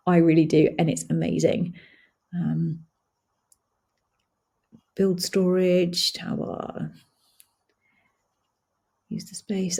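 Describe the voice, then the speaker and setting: Gravelly low woman thinking aloud. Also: warm tone. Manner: thinks aloud, casual, hesitant with many fillers. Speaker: blogging tutorial host. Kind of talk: screen-share software walkthrough.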